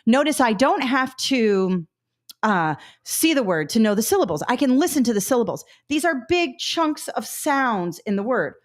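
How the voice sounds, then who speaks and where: A middle-aged woman teaching a live test-prep webinar, upbeat and coaching, talking through examples out loud. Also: fairly high pitch, very animated, moderate pace.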